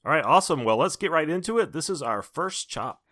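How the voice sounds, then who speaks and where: Male host, crisp bright tone, dry close mic, chatty and upbeat. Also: on the high side, animated, brisk, no echo. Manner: upbeat, chatty, self-mocking. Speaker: podcast host. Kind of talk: casual chat.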